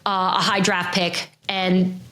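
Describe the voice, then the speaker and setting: A middle-aged woman co-hosting a sports podcast, talking in an animated, chatty way full of fillers and restarts. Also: lowish voice, slow pace. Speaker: podcast host, NFL insider. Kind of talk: casual chat.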